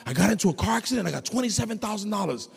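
A man preaching a testimony sermon, telling his story with animated delivery and shouting at high points. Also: racing, creaky, breathy edge, big-room sound.

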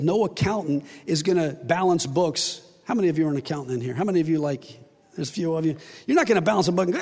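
Gravelly-voiced man preaching in a reverberant hall. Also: a little high, a little mellow. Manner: storytelling, acts out characters with playful asides. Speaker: pastor. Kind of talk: sermon. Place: church sanctuary.

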